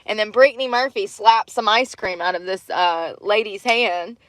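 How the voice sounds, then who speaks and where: A woman's voice: medium pitch, normal speed, no room sound, low-quality recording. A woman chatting bluntly on a livestream, laughing often and acting out quotes from a movie. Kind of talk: casual chat.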